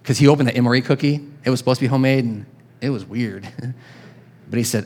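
A man preaching a sermon with a conversational, animated delivery. His voice sits in the middle pitch range. Now and then he slips into short acted-out voices as he retells the story. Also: brisk. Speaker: pastor.

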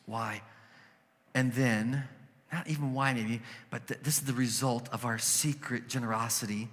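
A man's voice: medium pitch, fairly even intonation, normal speed, a bit bright, big-room sound. A man preaching a conversational sermon as a pastor, telling stories and acting out quoted voices.

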